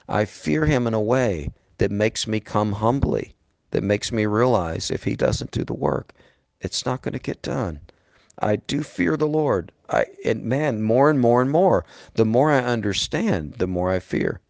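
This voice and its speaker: A man's voice: on the low side, animated, unhurried, creaky, a little mellow, dry recording. A middle-aged man preaching a sermon in an earnest, emphatic way, calling his listeners "beloved".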